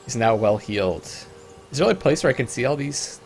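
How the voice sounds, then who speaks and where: A man's voice: mid-range voice, sing-song, gravelly, soft background music. Man reading and musing over a game. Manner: reads narration in a plain measured voice, thinks aloud between choices. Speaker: let's play gamer. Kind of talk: reading game text aloud and commenting while playing.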